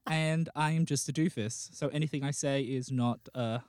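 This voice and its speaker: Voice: medium pitch, normal speed, a little mellow, no echo. An Australian podcast host in casual chat. The host is goofy and playful and swears freely.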